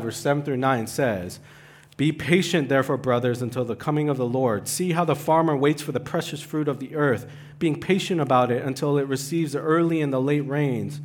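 A man preaching a sermon, who swings from loud, urgent pleading to quiet, hushed asides. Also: fairly high pitch. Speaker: pastor.

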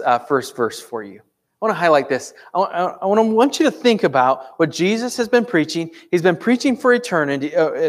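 A man in his thirties, a pastor preaching a conversational sermon in a church, earnest and full of rhetorical questions. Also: high voice. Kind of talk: sermon with prayer.

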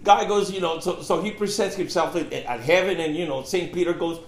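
A man's voice: on the high side, a little fast. A man chatting casually on a podcast and telling stories with lots of swearing, heard in a roomy room. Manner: profane storyteller. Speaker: podcast regular. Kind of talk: casual chat.

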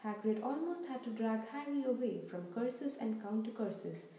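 A woman narrating a storybook in an even, measured way. Her voice is mellow and a little high. The recording has a roomy echo. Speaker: audiobook reader.

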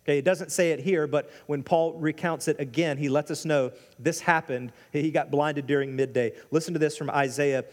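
A high-pitched man delivers an animated sermon as pastor, throwing himself into quoted lines with sudden leaps in pitch. His voice rings out with a long reverb tail, as in a large church hall. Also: normal speed, few pauses. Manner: animated preaching, acting out quotes with big pitch jumps.

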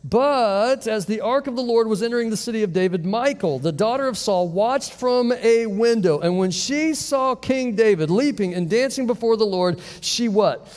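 Animated preacher in a reverberant church hall. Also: male voice, high voice. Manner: animated storytelling with rhetorical questions. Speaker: pastor. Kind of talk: sermon. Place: church auditorium.

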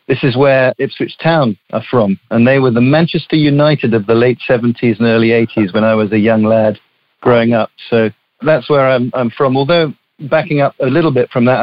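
A man's voice: mid-range voice, dry recording, dull audio. English man telling his story. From southeast England. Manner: chatty storyteller with small restarts. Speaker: guest, company CEO. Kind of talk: casual interview chat.

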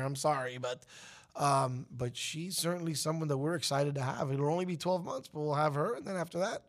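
A man's voice: on the high side, brisk. A man who runs a college radio station, speaking casually on air in a rambling, upbeat way and laughing often. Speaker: station manager.

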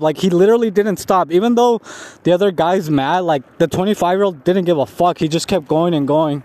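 A young man recounts a workplace story in a loose, rambling way, swearing freely and breaking into laughter. His voice sits a little high for a man, yet the tone is dark and mellow. It sounds like a casual vlog recorded in a car. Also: moderate pace. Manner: rambling, profane, laughing often. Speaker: vlogger.

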